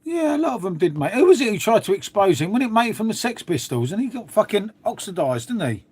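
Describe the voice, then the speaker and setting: A man's voice: high voice, very animated, quick pace, darkish tone, breathy edge. A middle-aged man chatting casually to viewers on a live stream, swearing freely and trailing off into asides. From England. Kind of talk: rambling casual chat to viewers.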